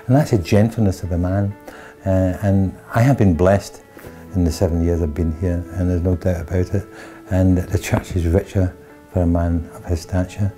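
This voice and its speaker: A man paying an earnest, gentle tribute to a colleague. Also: low voice, fairly even intonation, fairly quick, faint music behind.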